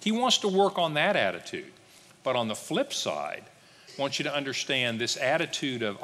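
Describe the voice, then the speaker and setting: A male pastor preaching a sermon, lively and joking, acting out biblical figures in little voices. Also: mid-range voice, a little fast, long reverb tail, a little hiss or hum. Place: church sanctuary.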